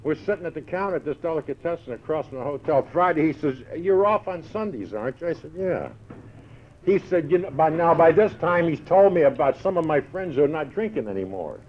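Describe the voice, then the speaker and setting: A man's voice: a little high, expressive, a little fast, a little hiss or hum. An older American man speaking at a recovery meeting, telling a wry, self-mocking story and acting out the dialogue. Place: large hall with live audience. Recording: dull lo-fi 1978 tape recording.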